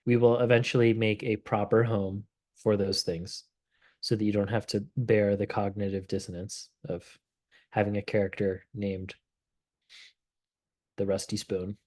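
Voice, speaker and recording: A man hosting a casual software demo livestream, relaxed and thinking aloud as he clicks through the tool. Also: on the low side, measured pace. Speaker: host of a product livestream.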